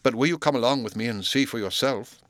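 A man reading an audiobook, voicing a frightened male butler who speaks haltingly and deferentially. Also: medium pitch, a bit bright, dry recording, lightly acted. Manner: halting, deferential, many "sir"s.

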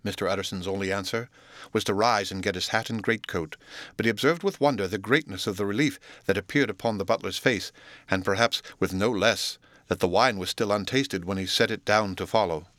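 A man narrating a classic novel as an audiobook, in a steady, measured storytelling voice. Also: fairly low pitch, no echo. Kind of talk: scripted narration.

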